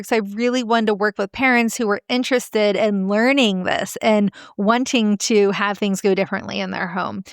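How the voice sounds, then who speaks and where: Earnest woman parenting coach, smooth voice. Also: medium pitch, no echo, clean studio sound. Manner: earnest, animated, many "like" fillers. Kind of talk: podcast interview storytelling.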